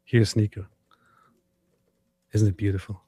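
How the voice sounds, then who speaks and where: Deep dark-voiced sarcastic man. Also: level tone, measured pace, breathy edge, no room sound. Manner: emphatic, sarcastic. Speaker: co-host. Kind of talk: casual reaction commentary.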